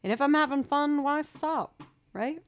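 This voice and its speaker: A woman's voice: high-pitched, measured pace. A woman music streamer in casual live-stream chat, rambling, chatty and self-deprecating.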